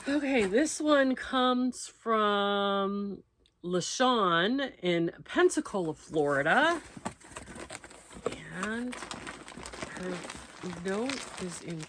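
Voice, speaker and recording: A woman's voice: medium pitch, expressive, extremely slow, a bit bright. A woman hosting a crochet channel, chatting casually as she opens mail, reading out notes and thanking the senders. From United States. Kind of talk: casual unboxing chat.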